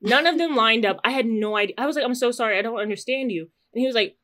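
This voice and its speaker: A woman, casually telling a podcast story, animated and swearing freely, jumping into loud high squeals when she quotes herself. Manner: swears freely, quick asides. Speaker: podcast co-host.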